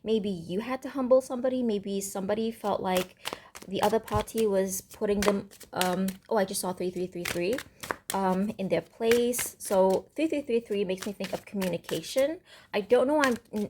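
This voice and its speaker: A woman giving a casual, rambling tarot reading to camera, thinking aloud with many pauses and ums. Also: medium pitch, a little mellow, slight background noise. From Indonesia. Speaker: tarot reader. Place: home room with construction noise next door.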